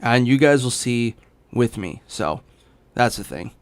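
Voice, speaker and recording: A young man streaming games from home, talking in a loose, rambling way. He is hiccuping, fills his talk with ums and restarts, and his voice stays smooth and resonant at an ordinary middle pitch. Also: animated, a little slow. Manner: rambling, full of fillers and restarts. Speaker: gaming streamer. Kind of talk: casual rambling chat. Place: home in Los Angeles.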